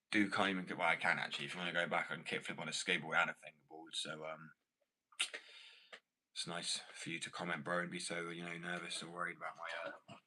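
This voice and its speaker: A man's voice: low-pitched, bright, forceful tone, a little hiss or hum. A man with an English accent chatting casually to viewers, blunt and rambling as he answers their comments about skating and his business. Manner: blunt, rambling, self-assured. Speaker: skater and small business owner.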